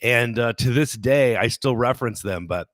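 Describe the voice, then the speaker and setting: A man's voice: medium pitch, normal speed, fairly bright tone, no room sound. A middle-aged man co-hosting a podcast, telling a story in casual chat. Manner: laughs easily, storytelling. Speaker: podcast co-host.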